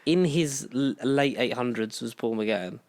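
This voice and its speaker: A man's voice: medium pitch, unhurried, a little mellow. A man co-hosting a casual podcast, rambling through fan details with many restarts. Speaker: podcast co-host. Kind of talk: casual chat.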